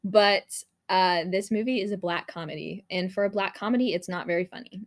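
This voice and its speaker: A woman's voice: mid-range voice, fairly quick. A young woman chatting casually about a movie, full of fillers and laughter, acting out lines she quotes. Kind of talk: casual movie review chat.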